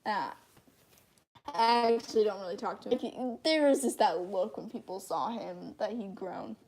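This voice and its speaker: A teenage girl with a high-pitched voice, rambling and self-deprecating in casual livestream chat while she draws. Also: normal speed, darkish tone. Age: teens. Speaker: channel host.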